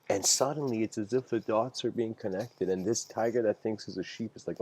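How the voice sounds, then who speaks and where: A man's voice: on the low side, brisk, few pauses, darkish tone, slight background noise. A man giving a casual livestreamed lecture, rambling and using many "like" fillers as he tells stories. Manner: rambling, heavy use of "like" fillers.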